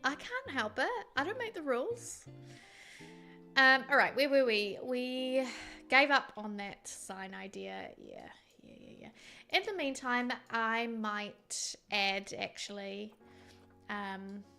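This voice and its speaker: A young woman with a New Zealand accent chats playfully through a livestream. Her voice sits high and sounds bright and crisp, bouncing across a wide range at an easy, unhurried pace. Faint music plays behind her. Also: lively intonation. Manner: playful, chatty, talks to pets and chat. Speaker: livestream host. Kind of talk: casual gaming livestream chat.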